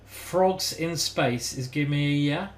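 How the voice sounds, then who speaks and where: A man's voice: a little high, a little slow. A man giving casual live-stream chess commentary, thinking aloud and chatting with his viewers. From United Kingdom.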